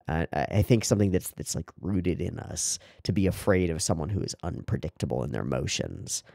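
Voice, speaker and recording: An anime reaction host with a somewhat low, slightly mellow voice rambles enthusiastically through a scene, constantly dropping "like" and "right?" His casual commentary is fairly quick, with lively intonation and some vocal fry, and the recording is dry and close with no room echo.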